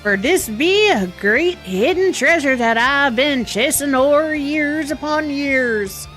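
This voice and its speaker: A woman's voice: high-pitched, animated, takes it slowly, fairly bright tone, faint music behind, full character voice. A woman putting on a hearty old pirate captain. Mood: boastful. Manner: hearty drawling pirate talk. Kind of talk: reading game dialogue aloud in character.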